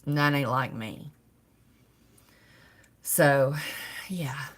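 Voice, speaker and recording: A woman's voice: very deep voice, extremely slow. A middle-aged woman hosting a casual livestream, greeting viewers by name and laughing often. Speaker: livestream host.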